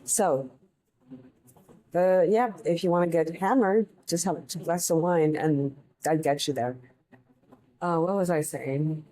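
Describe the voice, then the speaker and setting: A woman's voice: low-pitched, slow, pauses often, mellow, poor audio. A young woman hosting a podcast, chatting casually and rambling through funny bartending stories, laughing at her own tales. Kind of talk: casual storytelling monologue.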